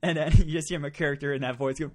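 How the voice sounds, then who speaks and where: A man's voice: fairly high pitch, fast talker. A man hosting a podcast, telling stories in casual chat, swearing often and laughing as he goes. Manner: profane, laughing, animated storytelling. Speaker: podcast host.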